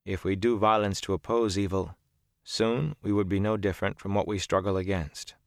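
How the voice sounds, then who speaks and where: A man voicing a placid, soft-spoken traveling woman. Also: low-pitched, fairly even intonation, moderate pace, vocal fry, no echo, clean studio sound. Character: calm serene woman of a peaceful wandering folk.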